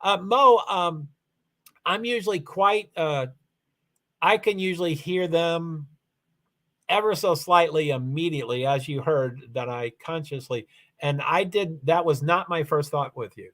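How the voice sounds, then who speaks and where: Kentucky guy w a faint southern accent rambling on his livestream, kinda high voice, keeps restarting sentences. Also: unhurried, a bit bright. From Louisville, Kentucky, USA. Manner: rambling, hesitant, many restarts and asides. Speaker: livestream host. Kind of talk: casual solo livestream chat.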